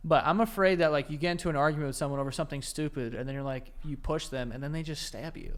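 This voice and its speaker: A man's voice: on the high side, fast. Laid-back New man who laughs a lot. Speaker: podcast co-host. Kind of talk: casual chat.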